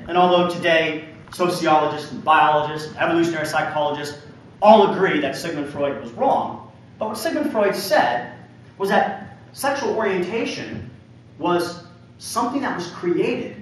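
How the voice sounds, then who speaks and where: A man with a rather high voice delivers a public lecture, building his points with emphatic storytelling and the odd wry joke. He is picked up from a distance in a large hall, so his words ring with heavy echo. A faint hum of room noise sits underneath. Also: fairly bright tone. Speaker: university lecturer. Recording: echoey hall from far off.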